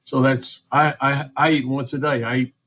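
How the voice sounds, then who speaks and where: Man, radio interview guest, emphatic, repeats himself, mid-pitched, muffled lo-fi audio. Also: little pitch movement, moderate pace, a bit bright. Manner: emphatic, repetitive, list-making. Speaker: physician guest.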